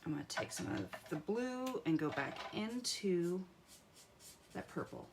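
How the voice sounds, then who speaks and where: With some background noise behind her, a woman hosts a live craft tutorial in a fairly low, widely swinging voice at a slightly slow pace. She chats with viewers while coloring and mutters to herself as she chooses pens.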